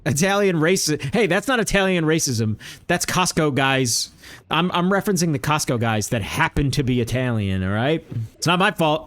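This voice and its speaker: A man's voice: fairly high pitch, a bit bright. A man streaming live, riffing in loose, rambling comedy bits and reacting to chat.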